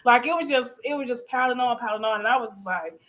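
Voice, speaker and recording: A woman on a live review panel, talking in an animated, sassy way and laughing often as she recaps a reality episode. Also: fairly high pitch, fast talker. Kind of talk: casual show recap chat.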